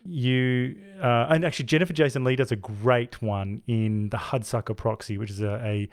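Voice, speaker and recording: A man's voice: medium pitch, moderate pace. A man co-hosting a film podcast, rambling casually with frequent restarts and laughs. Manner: rambling, self-interrupting, laughs often. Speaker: podcast co-host. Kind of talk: casual film review chat.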